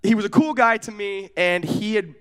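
A man's voice: high voice, moderate pace, a bit bright, smooth. A young adult man from California preaching a casual sermon, joking and telling stories, asking the audience questions and going off on tangents. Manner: joking, storytelling, audience asides. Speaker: pastor.

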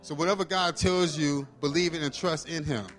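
A man's voice: fairly high pitch, fairly even intonation, normal speed, over loud music. A man preaching a testimony sermon, telling his story casually and acting out the dialogue.

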